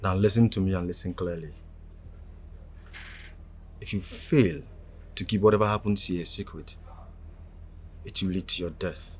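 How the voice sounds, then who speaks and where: Man playing Nigerian boss, firm, threatening, deep voice, faint noise behind. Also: normal speed, pauses often, lightly acted. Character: menacing secretive boss hiring two men. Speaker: employer. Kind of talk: film acting.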